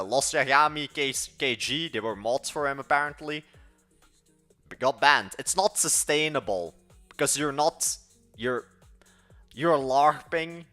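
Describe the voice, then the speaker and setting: A teenage man from Belgium with an accent that blends several European sounds, talking to viewers on a live coding stream. His voice is bright and forceful, at a middle pitch, and he rambles, restarts sentences and states blunt opinions. Faint music plays underneath. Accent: Belgian, mixed European-sounding. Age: late teens. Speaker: livestreaming coder. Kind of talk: casual livestream chat answering viewers.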